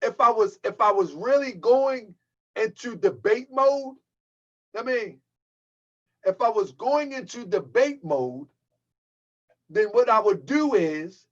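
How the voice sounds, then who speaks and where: A man's voice: sits high, animated, slow pace, long pauses, dull audio. A man hosting his own channel, delivering a heated, mocking rant and calling his viewers family. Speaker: channel host. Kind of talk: livestream rant.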